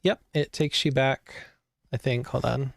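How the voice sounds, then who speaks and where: A man running a tabletop game as game master, describing scenes in a measured, halting way. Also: medium pitch, steady tone, creaky, dry recording, clean studio sound.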